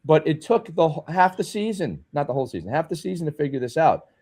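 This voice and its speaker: A man co-hosting a podcast, telling candid, animated stories from coaching youth hockey. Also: on the high side, fast talker. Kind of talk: casual podcast conversation.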